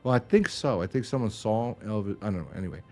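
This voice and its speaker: A man's voice: on the low side, animated, fast talker, a little mellow, faint music behind. A man co-hosting a podcast in casual chat, rambling, laughing and swearing as he retells stories. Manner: rambling, swears and laughs often, acts out quotes. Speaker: podcast co-host.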